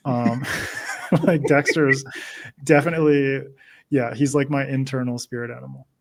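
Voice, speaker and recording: Dad chatting on a podcast, laughs a lot, easygoing, mid-pitched. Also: male voice, steady tone, normal speed, gravelly. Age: parent of young kids. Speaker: podcast guest. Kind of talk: casual chat.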